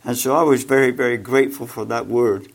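An older man giving a sermon with personal testimony, halting, with many fillers and repeated words, and growing louder and more emphatic when he exhorts. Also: medium pitch, steady tone, gravelly, husky. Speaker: preacher.

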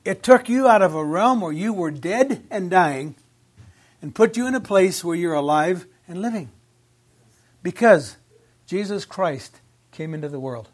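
High-voiced man preaching a sermon. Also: lively intonation, measured pace. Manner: emphatic, repeats words, asks the congregation questions. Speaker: pastor.

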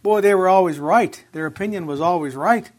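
A pastor delivers a brisk sermon in a high-pitched voice, repeating words to stress them, reading from scripture, and questioning his congregation. At times he drifts away from the microphone.

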